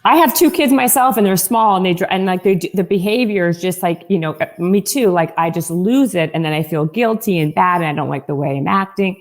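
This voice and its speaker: Female podcast host, low register, casual, self-correcting. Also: a little fast, hardly any pauses. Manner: conversational, relatable, self-correcting. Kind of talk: casual interview chat.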